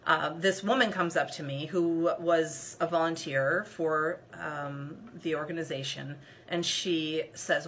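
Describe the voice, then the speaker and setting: Woman coach telling her viewers a story, lively and animated, talks right to them, bright tense voice. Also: deep voice, measured pace, hardly any pauses. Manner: addresses viewers directly as "you guys". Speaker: leadership coach. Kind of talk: personal story told to camera.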